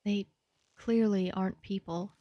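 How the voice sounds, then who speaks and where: A woman's voice: medium pitch, steady tone, unhurried, no echo, muffled recording. Young female streamer, mid-range voice, playful chat and read-aloud game text, dry booth-like sound. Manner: playful and chatty, jittery when scared.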